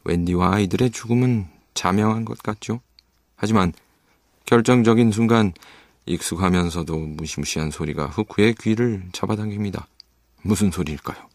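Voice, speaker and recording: A man's voice: on the low side, very fast, a little mellow, no echo, clean studio sound. A man retelling and explaining a story in a chatty way, asking listeners questions as he goes. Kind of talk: casual storytelling recap.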